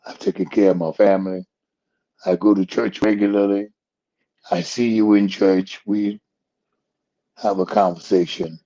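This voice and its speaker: A man voicing a panicked man clinging to a branch, pleading and shouting upward for help. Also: lowish voice, gravelly, lo-fi sound, exaggerated voice.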